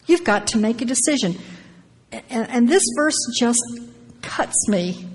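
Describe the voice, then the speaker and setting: A woman's voice: a little high, expressive, a little slow, pauses often, slightly rough, long reverb tail. A woman preaching a sermon, reading scripture aloud and adding emphatic, personal asides between the verses.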